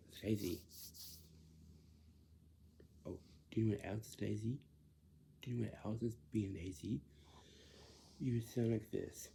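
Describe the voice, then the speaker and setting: Against slight background noise, a man with a fairly low, creaky and mellow voice talks through a casual explanation. He halts frequently, goes over the same points again, and sometimes fades into whispers.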